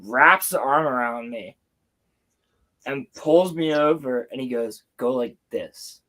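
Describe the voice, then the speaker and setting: A young man hosting a livestream from home, telling a story in an excited, rambling way with casual swearing. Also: medium pitch, slow pace. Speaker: livestream host. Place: home, building Lego on stream.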